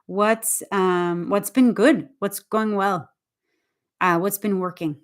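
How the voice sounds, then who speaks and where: A woman English teacher chatting casually on a livestream, talking quickly and interrupting herself as she speaks to viewers. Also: mid-range voice, fairly even intonation. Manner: fast, chatty, self-interrupting, talks to viewers.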